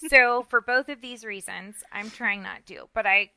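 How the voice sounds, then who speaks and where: A middle-aged woman co-hosting a podcast, telling a story in a self-mocking, animated way with lots of restarts and asides. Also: mid-range voice, normal speed, gravelly, clean tone, no room sound, poor audio. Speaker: podcast co-host. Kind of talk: casual storytelling chat.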